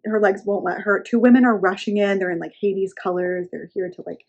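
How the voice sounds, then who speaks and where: A woman's voice: mid-range voice, a little fast, muffled recording. A young woman reviewing a book, chatting casually and reading passages aloud. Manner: chatty recap, filler "like", reading passages in a calm voice.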